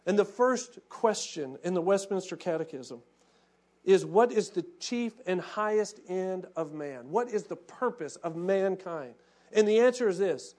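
High-voiced impassioned male preacher. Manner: impassioned, acts out quoted prayers, drops to hushed tones. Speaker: pastor. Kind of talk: sermon.

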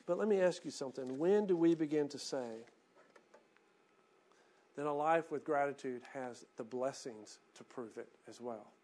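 High-voiced pastor preaching a sermon. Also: male voice, normal speed. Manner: preaching, moving from hushed reflection to rising emphatic calls.

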